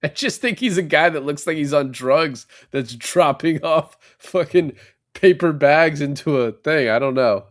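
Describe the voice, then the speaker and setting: A young podcast co-host on a casual movie-recap show retells a film scene by scene, swearing freely and acting out the characters' lines in an animated way. His voice is on the high side at a measured pace, with clean studio sound and no echo.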